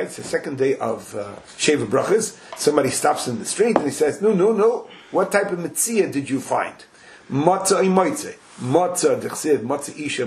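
A man teaching a Talmud class to a small group, animated and acting out the quoted dialogue, with Hebrew and Yiddish terms mixed into his English. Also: mid-range voice, vocal fry.

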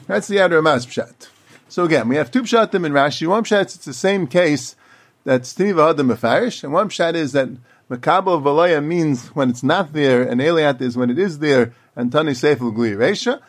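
Animated man teaching a Talmud class. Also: a little high, moderate pace. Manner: animated, acting out quoted speakers. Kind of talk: Talmud lecture.

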